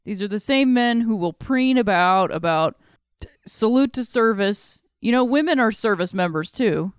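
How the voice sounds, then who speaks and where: A woman's voice: medium pitch, expressive, moderate pace, clean tone, dry recording, studio quality. A young adult woman hosting a solo podcast, talking in a rambling, frank way with some swearing, sleepy and yawning. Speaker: podcast host. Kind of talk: casual solo podcast monologue.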